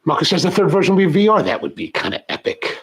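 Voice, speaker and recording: A man's voice: high-pitched, very animated, quick pace, fairly bright tone, husky. A middle-aged man hosting a coffee channel, chatting casually and rambling through viewer questions with many restarts and asides.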